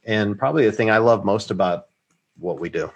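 A man's voice: fairly low pitch, fairly quick, breathy edge, highs cut off. A middle-aged man hosting a podcast, rambling and reflective, laughing often. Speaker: podcast host. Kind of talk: casual chat.

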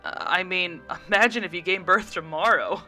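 An earnest, slightly awkward young man in a storybook reading, with a woman reading his lines. The tone stays low but bright, with faint music playing softly behind. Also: normal speed. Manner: earnest, slightly flustered delivery.

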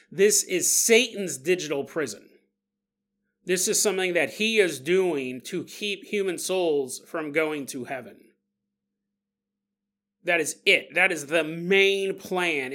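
A man talks through a casual podcast monologue with a high, bright voice. He laughs often and leaps into exaggerated voices for the people he quotes. The delivery is loose and jokey. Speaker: podcast host.

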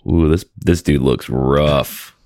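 A man in casual comedic chat, wry and animated, reading facts aloud with sarcasm. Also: very deep voice, slow, no echo, clean studio sound.

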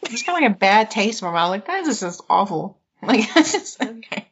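A woman's voice: mid-range voice, sing-song, brisk, breathy edge, muffled recording. A woman co-hosting a podcast in casual chat, laughing often and reading from an article. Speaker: podcast co-host.

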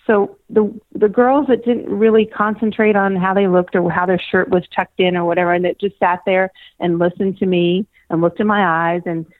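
A woman's voice: medium pitch, little pitch movement, moderate pace, few pauses, dry recording. An older woman, a former pageant winner, tells stories in a casual interview, chatting easily, laughing often and restarting her phrases. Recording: tinny phone line.

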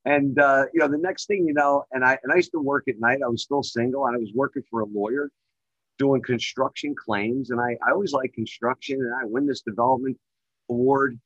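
Middle-aged male guest, talks in long rambling runs packed with fillers, sound a bit dull and dry. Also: dry recording. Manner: rambling, heavy on filler phrases; gets excited and louder at high points. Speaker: guest, real estate developer. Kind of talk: casual storytelling on a call. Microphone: remote call microphone.

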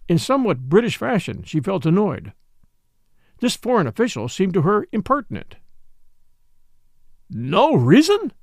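Man reading a story with lively pitch. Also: normal speed, gravelly, no echo, studio quality. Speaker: audiobook narrator. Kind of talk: scripted narration.

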